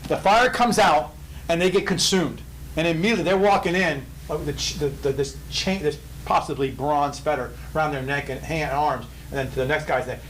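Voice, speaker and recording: A man teaching a Bible study, acting out the characters with excited exclamations. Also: on the high side, fairly quick, a little hiss or hum, poor audio.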